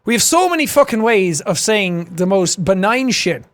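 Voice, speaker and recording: A man's voice: high-pitched, big pitch swings. An Irish man streaming live, chatting casually and ranting with swearing and laughter. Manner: profane, ranting, quick to laugh.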